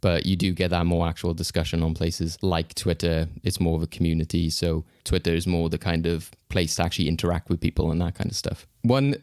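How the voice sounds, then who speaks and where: A man's voice: sits low, steady tone, fairly quick, few pauses, darkish tone, dry recording, clean studio sound. A man hosting a casual film podcast, talking loosely with plenty of fillers and restarts. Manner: chatty, hesitant with fillers and restarts. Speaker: podcast host.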